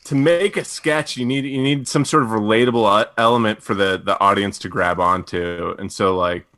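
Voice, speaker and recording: A man co-hosting a comedy stream, chatting casually and rambling through halting explanations. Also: lowish voice, fairly bright tone. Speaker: comedy show co-host. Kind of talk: casual chat.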